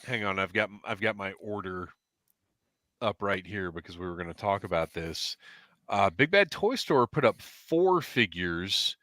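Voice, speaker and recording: Man, podcast host, casual chat, headset mic, lower voice, bright, dry sound. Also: lively intonation, unhurried, no echo. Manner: chatty, reads chat comments aloud.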